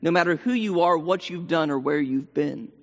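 Man, preacher, high voice, earnest sermon, repeats phrases, church sanctuary, muffled recording. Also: moderate pace. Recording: long hall reverb, dull lo-fi sound.

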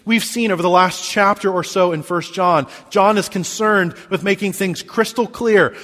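A man preaching a sermon as pastor, reading scripture and stressing key words, with sharp swings between loud emphasis and quiet drops. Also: long reverb tail. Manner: emphatic preaching with big swings in pitch and volume.

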